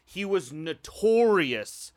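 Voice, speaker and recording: A man from Iowa telling a work story casually, animated and swearing, his voice jumping high when he retells his outburst. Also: slow pace. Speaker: improv show performer telling a story.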